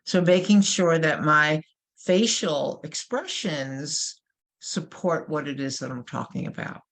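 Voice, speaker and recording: A woman from New York, judging by her accent, leads a webinar workshop in a deep voice at a slow pace. Emphatic and animated, she leans on rhetorical questions, recorded on a webinar microphone.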